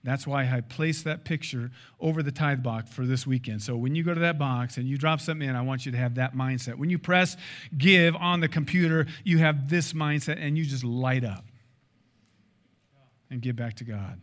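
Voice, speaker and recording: A man in his fifties, a pastor preaching a sermon in an emphatic, animated way, acting out dialogue. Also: medium pitch, normal speed.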